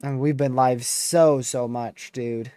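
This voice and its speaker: A yawning, worn-out man with a medium-pitched voice takes his time, recorded with no room sound. As a storm chaser hosting a weather livestream, he wanders casually through a recap of earlier days, relaxed and full of fillers.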